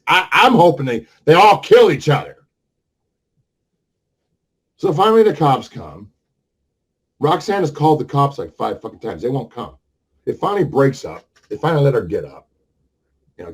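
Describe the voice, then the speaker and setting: A man in his sixties with a husky voice tells a long story in a casual rant. He curses freely and rambles through the details. His pitch swings widely as he gets worked up. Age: 60s. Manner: profane, rambling, heated storyteller. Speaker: vlogger.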